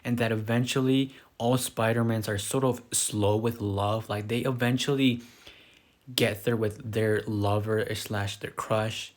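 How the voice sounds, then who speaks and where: A man's voice: fairly low pitch, steady tone, measured pace. A man casually recapping a film plot in a loose, rambling way, full of fillers. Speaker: movie reviewer. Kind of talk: casual spoken movie recap.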